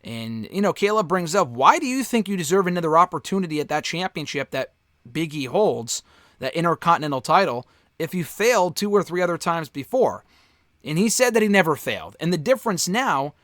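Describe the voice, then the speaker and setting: A man's voice: fairly high pitch, sing-song, brisk, fairly bright tone, dry recording, studio quality. A man giving a casual spoken review of a wrestling show, candid and offhand, swearing freely.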